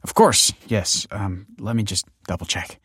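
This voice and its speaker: A man voicing an anxious father who speaks hesitantly, with fumbling pauses. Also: lowish voice, fairly bright tone, slightly rough, dry recording, studio quality, full character voice. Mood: flustered. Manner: hesitant, flustered.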